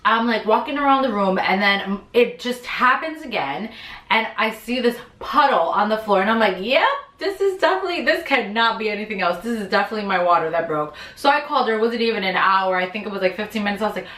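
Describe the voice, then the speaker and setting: Young woman chatting away on her vlog, mid pitch, kinda roomy echo. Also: fast. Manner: animated, chatty storytelling with acted-out quotes. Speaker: vlogger. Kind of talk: storytime vlog. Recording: echoey room.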